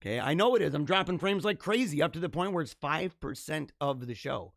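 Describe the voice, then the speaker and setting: A man hosting his own livestream show, signing off in an energetic, rambling, chatty way, his voice a little hoarse. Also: on the high side, a little fast, no room sound, clean studio sound. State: slightly hoarse. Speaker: podcast host. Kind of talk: casual livestream sign-off.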